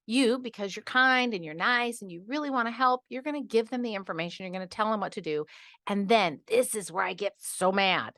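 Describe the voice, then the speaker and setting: A middle-aged woman hosting a podcast, ranting in an animated, exasperated way and acting out patients in quoted asides. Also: a little high, no room sound, studio quality. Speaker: podcast host. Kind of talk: casual podcast monologue.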